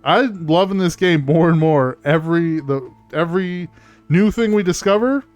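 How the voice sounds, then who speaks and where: A man's voice: a little high, moderate pace, faint music behind. A man streaming a video game, talking through it as casual gameplay commentary in an enthusiastic way with frequent laughs.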